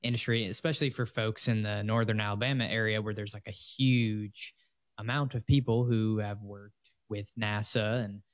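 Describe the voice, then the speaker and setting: A man, a financial advisor, chatting on a radio show in a measured, thoughtful way. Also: on the low side, fairly even intonation, no room sound, studio quality. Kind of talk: casual radio talk show chat.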